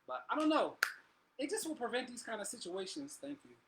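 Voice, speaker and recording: A man's voice: extremely high pitch, big pitch swings, fairly quick, noisy background. A man co-hosting a casual live chat, talking in an emphatic, slangy, argumentative way. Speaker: co-host of a live show.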